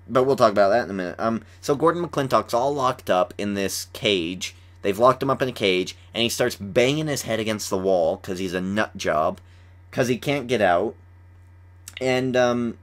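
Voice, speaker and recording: A young man hosting a casual podcast chat, rambling through an episode recap with lots of "like.". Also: on the low side. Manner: rambling, says "like" often, animated retelling. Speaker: podcast host.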